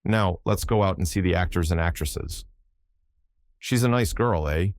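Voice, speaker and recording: A man voicing a pushy, husky old baronet. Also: low voice, normal speed, no room sound, clean studio sound, close to an everyday voice. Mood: domineering. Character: older male baronet, overbearing and lecherous.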